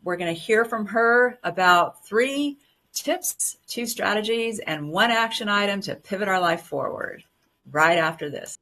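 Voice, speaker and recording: A woman's voice: mid-range voice, animated, measured pace, bright, forceful tone, slight background noise. A woman hosting a talk show, enthusiastic and full of effusive praise. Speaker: host.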